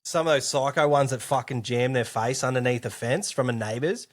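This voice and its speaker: A young Australian man, a podcast guest, telling animated stories full of swearing and laughter. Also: medium pitch, a little fast. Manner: animated, profane, laughing storyteller. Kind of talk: casual chat.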